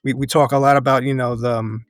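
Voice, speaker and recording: A man's voice: mid-range voice, level tone, no room sound, studio quality. Earnest man talking, laughing often. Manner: earnest, speaks in measured phrases and laughs often. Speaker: podcast guest, educator and activist. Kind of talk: reflective interview conversation.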